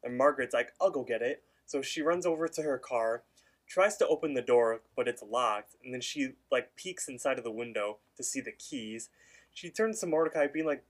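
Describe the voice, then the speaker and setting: A man's voice: mid-range voice, moderate pace. A man co-hosting a podcast, loosely retelling a cartoon episode with lots of fillers. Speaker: podcast co-host. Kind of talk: casual episode recap.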